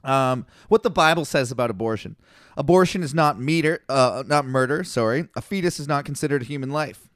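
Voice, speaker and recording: A young man co-hosting a casual comedy podcast, telling stories with lively jumps in pitch. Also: brisk, no echo, studio quality. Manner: animated storyteller, jumps pitch for quoted voices. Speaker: podcast co-host.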